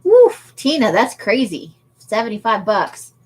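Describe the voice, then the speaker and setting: A woman's voice: a little high, big pitch swings, unhurried, darkish tone. Chatty woman hosting a craft livestream. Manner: chatty, laughs often, reads and answers viewer comments. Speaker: livestream host. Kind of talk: casual livestream chat.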